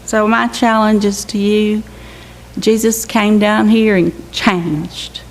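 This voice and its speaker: A woman's voice: medium pitch, little pitch movement, slow. An older woman giving an earnest, exhorting church testimony about a mission trip. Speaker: mission team member reporting to her church. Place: church sanctuary. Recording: echoey church hall with faint hiss.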